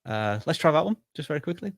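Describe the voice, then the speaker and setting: A man's voice: fairly high pitch, big pitch swings, fast. Easygoing, wry male co-host. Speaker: channel review co-host. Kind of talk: casual live-stream banter.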